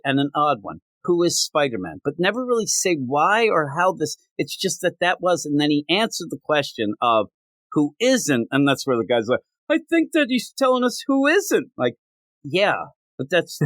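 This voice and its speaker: A man's voice: on the high side, a bit bright, no room sound. Rambling man discussing comics, dry sound. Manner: rambling, acts out comic dialogue in quick voices. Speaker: podcast host. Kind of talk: casual comic book discussion.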